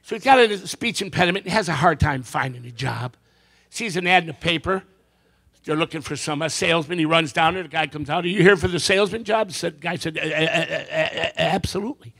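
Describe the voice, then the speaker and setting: A man's voice: on the high side, brisk, pushed and bright, breathy edge. A man performing stand-up comedy and magic on stage, telling jokes with punchy timing and brief character voices.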